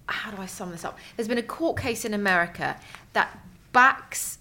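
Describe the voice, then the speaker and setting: A woman co-hosting a chatty podcast, dry and teasing as she gently scolds her partner and retells a news story. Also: medium pitch, moderate pace, a crowd in the background. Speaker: podcast co-host. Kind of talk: casual banter.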